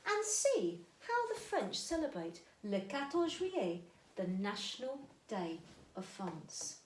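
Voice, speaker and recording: A woman teaching a French lesson to young children, talking slowly and clearly, sometimes singing greetings. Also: mid-range voice, reverberant. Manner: slow, animated teacher talk with sung greetings. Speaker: primary school French teacher.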